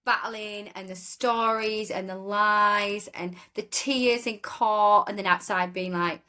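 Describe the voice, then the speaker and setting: A woman's voice: medium pitch, fairly even intonation, slow pace, few pauses, pushed and bright. Rambling woman telling stories. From England. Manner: rambling, with restarts, acting out other people's voices. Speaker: guest. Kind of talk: casual storytelling interview.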